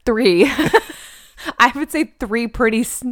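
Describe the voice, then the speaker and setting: A woman's voice: a little high, animated, slow, a bit bright, no echo, clean studio sound. A woman co-hosting a podcast in casual chat, laughing often and trailing off mid-thought. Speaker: podcast co-host.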